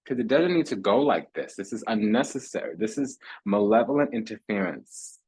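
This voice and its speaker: A man delivers a tarot reading in a loose, talky monologue. His voice sits a little low and comes out husky. He is sassy and theatrical, calling listeners honey and darling and hammering points home by repeating himself. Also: animated, moderate pace, hardly any pauses, darkish tone, low-quality recording. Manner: repeats phrases for emphasis. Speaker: tarot reader.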